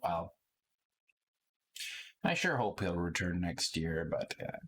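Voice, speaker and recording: A low, hushed, hesitant man, as a game master puts him on for a tabletop game who leans in to confide, hedging with fillers and pauses. His voice sits clearly below the speaker's own, soft and wary. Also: sing-song, full character voice. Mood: guarded.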